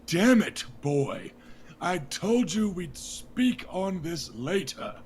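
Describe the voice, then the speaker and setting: A man voicing a loud, hot-tempered king who blusters and barks out orders. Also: high voice, sing-song, slow, slight background noise, heavily acted. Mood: gruff. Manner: blustering, bellowing.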